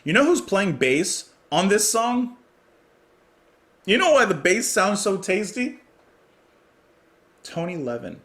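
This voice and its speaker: Male reaction host, excitable and chatty, voice rises and falls a lot, laughs easily. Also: high voice, unhurried, pauses often. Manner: excitable, enthusiastic, laughs often. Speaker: music reaction video host. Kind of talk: casual reaction commentary.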